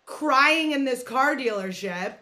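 A woman's voice: sits high, expressive, takes it slowly, sharp tone. A woman hosting a podcast, talking in a chatty, rambling, frank way with frequent swearing. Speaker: podcast host. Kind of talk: casual chat.

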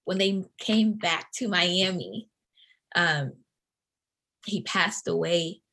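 A woman in her thirties from Atlanta recounts a personal memory in conversation. Her voice sits a little low, and her telling is earnest and reflective, pausing and restarting as she goes. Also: bright, forceful tone. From Atlanta, USA. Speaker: interview guest.

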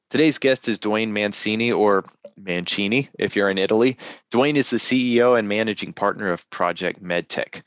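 A man's voice: on the low side, fairly bright tone, dry recording. A man hosting a podcast, talking in a friendly, chatty way and introducing his guest. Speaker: podcast host. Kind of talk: casual podcast interview.

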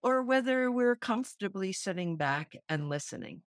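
A woman's voice: mid-range voice, expressive, normal speed, clean tone, no room sound, clean studio sound. A woman from New Jersey co-hosting a podcast, talking in a reflective, conversational way and laughing often. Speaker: podcast co-host.

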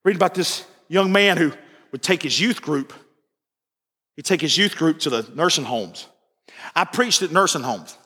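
A man preaching a sermon as pastor, telling stories and moving between quiet asides and raised fervor. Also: on the high side, expressive, normal speed, long pauses, slightly rough. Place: church sanctuary. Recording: church sanctuary with long reverb.

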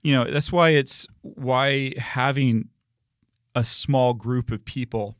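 A man co-hosting a conversational faith podcast at an ordinary middle pitch. He speaks earnestly and often slips into voiced quotes to make his point. The recording is dry and close. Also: fairly even intonation, takes it slowly, smooth, dry recording. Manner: earnest, acts out quoted speech. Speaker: podcast co-host. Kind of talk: conversational Christian discussion.

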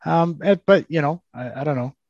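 A man in an interview, telling his story candidly in a halting, self-deprecating way and often repeating words. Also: a little high, a little mellow, no room sound. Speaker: guest. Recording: dull lo-fi dry sound.

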